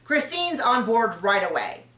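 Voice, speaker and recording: A woman's voice: a little high, sing-song, sharp tone, slight background noise. Chatty woman, roomy distant mic. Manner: chatty, frank, quick asides and self-corrections. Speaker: podcast host recapping a reality show. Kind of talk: casual opinionated chat.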